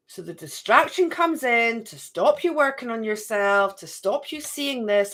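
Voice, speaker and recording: A woman's voice: mid-range voice, fairly bright tone. A woman giving a casual, chatty spiritual card reading to her viewers, often checking in with "okay?" and "right?".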